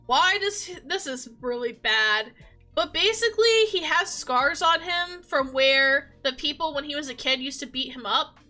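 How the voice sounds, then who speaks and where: Young woman video creator, high voice, chatty and emotional, laughs a lot. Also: moderate pace, faint music behind. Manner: animated, emotional, laughs often. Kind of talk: casual chat.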